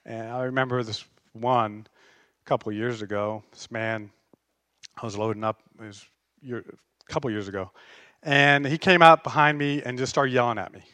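A man's voice: mid-range voice, moderate pace, pushed and bright, no echo. A man preaching a sermon as pastor, passionate and emphatic.

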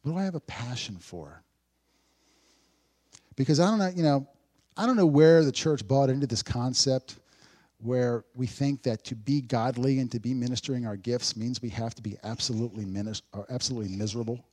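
A male pastor delivering a sermon conversationally, with dry sarcasm, swinging between loud emphatic points and hushed asides. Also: mid-range voice, fairly quick.

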